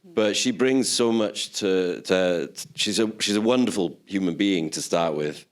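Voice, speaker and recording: A man telling casual anecdotes as a guest in a press Q&A, easygoing and quick to laugh. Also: sits low. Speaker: actor guest.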